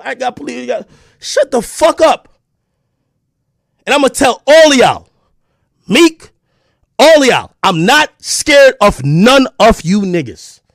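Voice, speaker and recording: A man with a podcast delivering an aggressive, profane callout, taunting and often shouting. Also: extremely high pitch, no echo, studio quality. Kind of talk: heated callout rant to camera.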